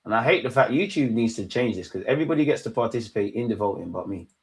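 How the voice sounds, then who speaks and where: A man streaming a live football watchalong, excitably shouting at players and the referee and bantering with his chat. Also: medium pitch, fast, breathy edge. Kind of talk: live match reaction commentary.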